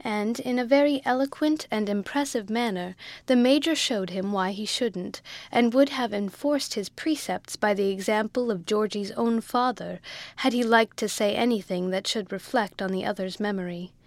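A woman narrating a classic novel as an audiobook reader, in a measured storytelling way. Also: medium pitch, no room sound. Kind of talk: scripted narration.

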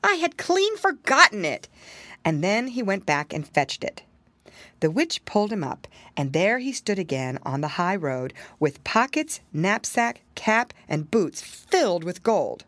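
A woman reading a fairy tale aloud, expressive storytelling with dramatic exclamations. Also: on the low side, a little slow, no room sound.

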